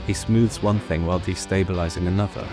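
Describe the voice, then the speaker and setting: Low-voiced man narrating over guitar music. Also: fairly even intonation. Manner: measured, analytical narration with rambling asides. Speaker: show commentator. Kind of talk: scripted episode breakdown.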